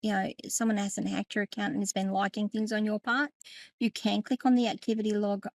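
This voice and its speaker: A chatty, middle-aged woman explains a screen-share tutorial. Her voice sits at an ordinary pitch but has a lot of gravelly fry. The recording is close and dry, with no room sound. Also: little pitch movement, a little fast, dry recording. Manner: chatty, laughs often, self-correcting. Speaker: tech educator and podcast host.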